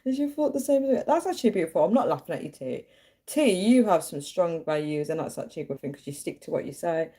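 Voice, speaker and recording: Speaking to her livestream viewers, a young woman recounts a personal story in a low, mellow, husky voice at a fast clip. She's chatty and animated, bringing the tale to life by acting out the voices of the people in it.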